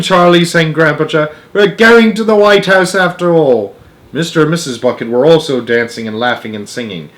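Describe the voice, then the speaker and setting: Man reading a children's story aloud. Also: mid-range voice. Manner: gentle, expressive narration.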